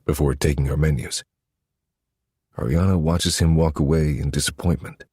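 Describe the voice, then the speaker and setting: A man narrating a first-person romance story in a low, intimate, steady manner. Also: moderate pace, breathy edge, dry recording, clean studio sound. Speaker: audiobook narrator.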